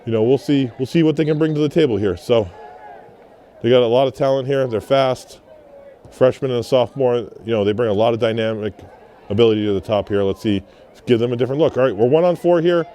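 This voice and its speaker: A man's voice: medium pitch, fast, mellow, slight background noise. Man calling a local soccer game. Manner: conversational, with coaching asides. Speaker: play-by-play commentator. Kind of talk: local sports commentary. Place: high up above a field, outdoors.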